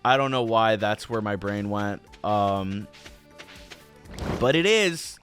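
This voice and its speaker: A man's voice: on the low side, lively intonation, slow, fairly bright tone, soft background music. A young man hosting a casual game playthrough, rambling with lots of "um"s and jokey slang. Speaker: gaming channel host. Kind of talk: casual let's play commentary.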